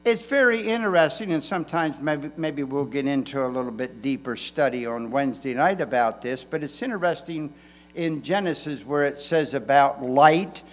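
A man's voice: fairly high pitch, moderate pace. A man pastor preaching a sermon in a folksy way, with emphatic stresses and frequent restarts.

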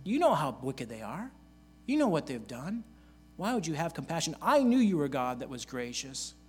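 A preacher voicing a resentful male prophet who complains loudly and angrily to God. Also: sing-song, moderate pace, slightly rough. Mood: indignant. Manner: high, loud, complaining outbursts.

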